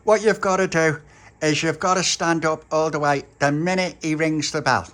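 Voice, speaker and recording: A man's voice: fairly high pitch, steady tone, normal speed, fairly bright tone, pitched above the performer's own voice, lightly acted. A man voicing a cheeky little puppy who leads a gang of toys.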